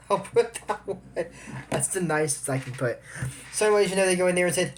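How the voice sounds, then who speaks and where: A man's voice: sits high, quick pace, slight background noise. A man casually retelling a cartoon episode, rambling with asides and opinions. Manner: chatty, opinionated. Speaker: show recap commentator.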